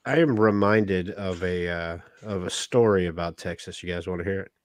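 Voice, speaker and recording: A man's voice: sits low, moderate pace, dry recording, clean studio sound. A man co-hosting a comedy podcast, telling a long, rambling joke. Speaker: podcast co-host.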